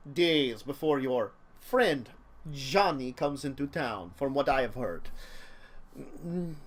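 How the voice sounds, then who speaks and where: A game master voicing an aging crime boss with an attempted Spanish accent, courtly and deliberate. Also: male voice, on the high side. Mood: persuasive. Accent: attempted Spanish accent, admittedly poor. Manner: courtly, slow and deliberate, with drawn-out pauses. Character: aging male crime boss, smooth and scheming.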